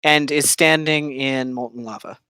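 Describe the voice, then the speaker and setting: A game master running a tabletop game over a call, easygoing and quick to laugh. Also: mid-range voice, steady tone, bright, forceful tone, clean tone, no room sound.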